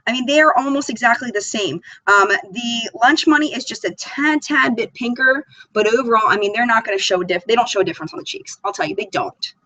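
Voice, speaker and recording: A woman's voice: on the high side, fast, hardly any pauses, bright, forceful tone, dry recording, poor audio. A woman hosting a live makeup chat stream, reading viewer comments aloud and gushing over them. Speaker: beauty channel host.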